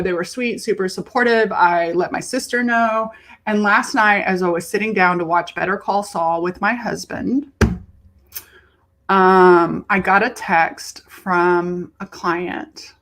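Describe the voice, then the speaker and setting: A woman's voice: mid-range voice, a bit bright. A woman coach talks openly to camera about her own struggles. She is frank and emotional, drops casual swear words, and slips into the voices of herself and her friends as she retells conversations. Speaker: leadership coach. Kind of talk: candid personal vlog monologue.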